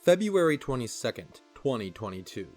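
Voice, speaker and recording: A man narrating a scripted video essay with a wry, lively delivery. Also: mid-range voice, normal speed, faint music behind.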